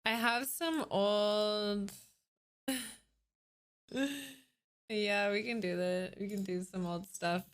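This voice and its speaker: Taking it slowly with long pauses, this streamer has a smooth, medium-pitched voice. She's in her late twenties and reacts to old clips in casual chat, laughing a lot, swearing freely and erupting in loud, excited outbursts.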